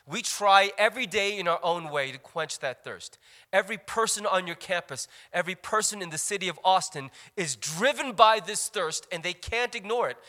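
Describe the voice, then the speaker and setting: A male preacher with a high, bright voice delivers a sermon. He is animated and breaks off for playful asides to the congregation. His tone has a forceful edge. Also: in a large hall.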